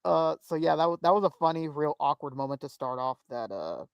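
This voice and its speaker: A man's voice: a little high, fairly quick, creaky, clear, resonant tone, dry recording, muffled recording. Man telling stories animatedly, dry close sound. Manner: animated storytelling, loud exclaimed quotes, laughing. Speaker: podcast co-host. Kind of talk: casual chat.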